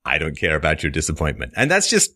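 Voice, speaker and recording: A man hosts a solo commentary in a lively, forceful voice whose pitch swings widely. He mocks his critics with sarcasm and laughs through his own points. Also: quick pace. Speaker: host. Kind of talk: monologue commentary responding to a viewer comment.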